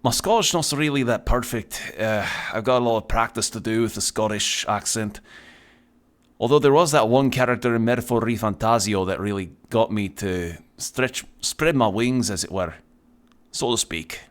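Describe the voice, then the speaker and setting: Deep-voiced man rambling while gaming. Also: normal speed. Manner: rambling, chatty, swears casually. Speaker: streamer. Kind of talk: casual chat while playing a video game.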